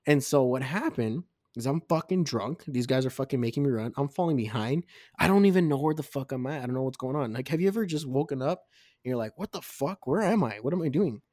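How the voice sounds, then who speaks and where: A man's voice: mid-range voice, quick pace, dry recording, clean studio sound. Profane rambling young man telling stories. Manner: profane, rambling, animated storytelling. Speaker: podcast co-host. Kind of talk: casual drunk storytelling chat.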